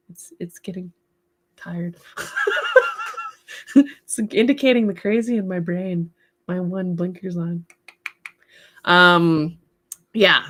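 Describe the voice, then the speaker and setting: Chatty woman hosting an art livestream. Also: lowish voice. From part English heritage. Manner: chatty, encouraging, laughs often. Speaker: livestream host, artist. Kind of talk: casual livestream chat, reading viewer comments.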